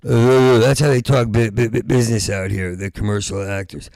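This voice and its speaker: A man doing a rambling stand-up comedy set, stuttering through restarts and breaking into loud rants. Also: lowish voice, steady tone, normal speed, vocal fry, dry recording, studio quality.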